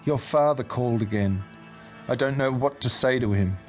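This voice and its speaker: A man's voice: medium pitch, moderate pace, soft background music, lightly acted. A man voicing a fretful, frightened wife. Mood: anxious. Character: anxious frightened wife on the phone.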